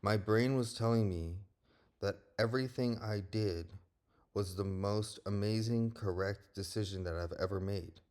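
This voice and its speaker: A young man with a deep, low-pitched voice talks straight to the camera in a personal vlog. He is blunt and candid, and he swears freely. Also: unhurried, a little mellow. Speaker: vlogger. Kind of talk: personal monologue.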